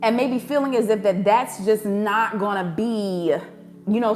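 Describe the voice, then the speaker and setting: A woman's voice: mid-range voice, measured pace, darkish tone, soft background music. A woman giving a casual spiritual reading to viewers, chatty and emotional, calling them "y'all" and "baby" and breaking into preaching bursts. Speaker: tarot card reader.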